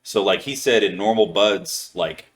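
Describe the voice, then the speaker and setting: Deep-voiced man telling a rambling story. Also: unhurried. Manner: rambling, heavy swearing, many "like" fillers. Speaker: podcast host. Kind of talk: casual storytelling chat.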